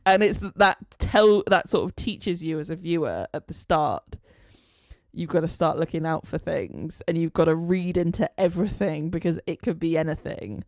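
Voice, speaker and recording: Animated woman podcast co-host. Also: deep voice, normal speed, dry recording, clean studio sound. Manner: animated, acts out scenes with loud exclamations. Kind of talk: casual chat.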